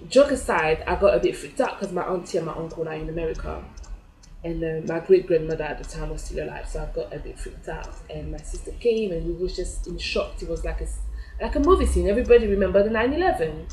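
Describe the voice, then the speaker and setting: A woman's voice: lowish voice, darkish tone. A woman, telling a personal story in a chatty way and acting out her own reactions. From France. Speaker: vlogger. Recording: echoey room.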